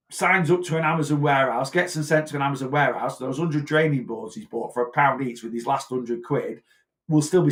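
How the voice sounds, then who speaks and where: A man's voice: fairly high pitch, a bit bright. A man giving casual weight-loss advice in a vlog, blunt and chatty, often tagging his points with "right?".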